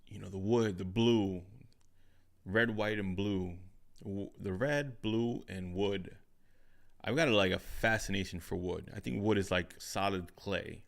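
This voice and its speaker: A man hosting his own podcast, talking it through in a relaxed solo chat from his home studio and often repeating himself with a questioning "right?". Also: lowish voice, a little slow, creaky. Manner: reflective, repeats phrases, frequent "right?". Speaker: podcast host. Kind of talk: solo casual talk. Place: home studio with curtains behind. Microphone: studio microphone on overhead stand.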